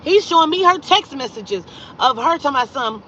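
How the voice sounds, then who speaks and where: A woman recounting a personal story in a loose, profane storytime style, her voice leaping high and loud when she gets exasperated. The audio is dull and lo-fi. Faint traffic hums in the background. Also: brisk. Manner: profane, animated retelling with loud exasperated outbursts. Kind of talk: casual storytime vlog.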